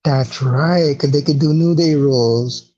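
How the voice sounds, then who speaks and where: Podcast co-host, mellow laid-back male voice, slangy banter, muffled lo-fi audio. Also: medium pitch, a little slow. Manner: laid-back, loose slangy talk with swearing. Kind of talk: casual wrestling chat. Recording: dull lo-fi recording.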